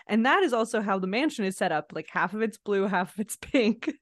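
A woman's voice: medium pitch, expressive, a little fast, no room sound, clean studio sound. A woman co-hosting a podcast, chatting casually and laughing often as she acts out quotes. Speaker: podcast co-host. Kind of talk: casual recap chat.

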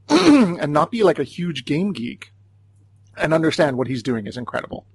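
Gravelly, husky man in his forties. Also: on the high side, big pitch swings, unhurried, no echo. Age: 40s. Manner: storytelling, acting out quotes. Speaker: podcast co-host. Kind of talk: casual chat.

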